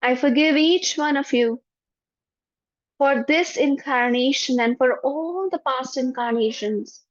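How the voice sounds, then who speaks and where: A spiritual teacher with an Indian English accent leads a guided forgiveness meditation. Her voice sits a little high, soft and soothing, and she repeats phrases slowly. The audio is dull and dry, close and lo-fi. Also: dry recording.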